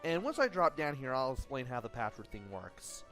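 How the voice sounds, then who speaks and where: A man's voice: medium pitch, very animated, normal speed, fairly bright tone. A man hosting a let's play, giving casual, explanatory gameplay commentary. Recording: voice-over with faint game music.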